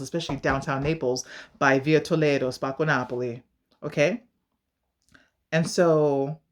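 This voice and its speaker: An American woman giving advice in a casual vlog, telling stories in an emphatic, direct way and acting out the voices of the people she quotes. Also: deep voice. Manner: animated storyteller, acts out quoted voices.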